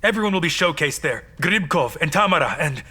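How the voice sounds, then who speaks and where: Casting: an eager husband, bright husky voice. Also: male voice, on the high side, expressive, a little fast, exaggerated voice. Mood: excited. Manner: eager, chatty. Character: excited husband, chatty and eager. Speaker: dubbed drama character. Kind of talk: dubbed melodrama acting.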